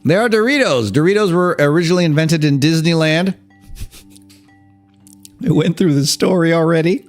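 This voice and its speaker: A man's voice: a little high, moderate pace, soft background music. A man with a Southern California accent hosting a livestream, reading aloud and joking with his chat. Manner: animated, joking, swears, riffs on chat. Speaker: streamer host.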